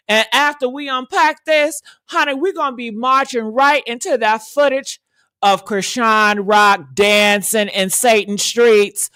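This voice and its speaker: A woman's voice: high voice, sharp tone, no echo, studio quality. A woman hosting gossip commentary, sassy and dramatic, calling her listeners honey and baby. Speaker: commentary host.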